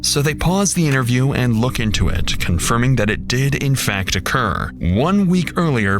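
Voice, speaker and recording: A man giving scripted true crime narration in a dramatic, suspense-building way. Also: medium pitch. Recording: narration over loud music.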